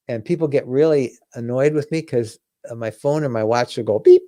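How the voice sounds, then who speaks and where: A man's voice: mid-range voice, fairly quick, warm tone, dry recording, clean studio sound. A middle-aged man hosting a live RV question-and-answer stream, chatty and upbeat, thanking viewers by name. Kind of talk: casual live-stream chat.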